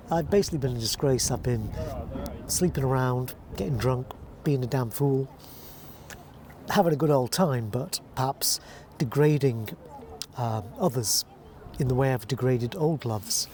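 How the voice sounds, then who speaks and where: A man teaching how to phrase verse, explaining calmly and reading lines aloud slowly and deliberately. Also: medium pitch. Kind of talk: verse-speaking lesson.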